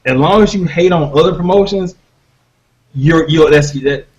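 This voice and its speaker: A man's voice: fairly high pitch, moderate pace. A man co-hosting an online live show in casual chat, hesitant and restarting his sentences, heard over dull lo-fi call audio. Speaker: podcast co-host.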